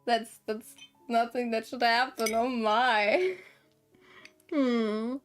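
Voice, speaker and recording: A woman's voice: a little high, fairly even intonation, very slow, faint music behind. A young woman streamer rambling casually to her chat, giggling often and easily flustered. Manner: rambling, giggly and self-conscious. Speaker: game streamer. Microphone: desktop streaming mic, no camera.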